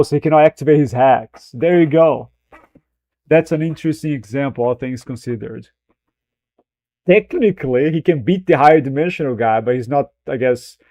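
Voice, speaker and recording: A man's voice: on the high side, expressive, normal speed, warm tone, no room sound. A man streaming casual reaction commentary, rambling, swearing freely and laughing at himself. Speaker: streamer reacting to a film clip.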